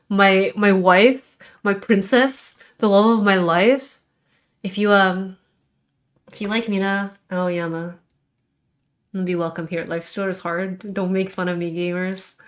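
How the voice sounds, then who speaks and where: A woman's voice: medium pitch, fairly even intonation, unhurried. A young adult woman streamer chatting casually in a rambling, self-deprecating way.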